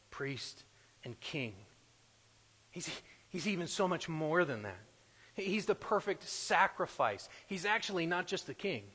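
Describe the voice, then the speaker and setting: A male preacher with a somewhat raised voice delivers a sermon in a big, echoing space. His delivery is emphatic, climbing to loud declarations and then dropping to hushed asides. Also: fairly high pitch, slightly rough.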